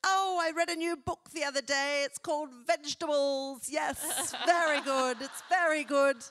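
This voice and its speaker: Woman doing a plummy, self-important lady bit, high and showy. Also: fairly even intonation, normal speed, a bit bright, soft background music. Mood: pompous.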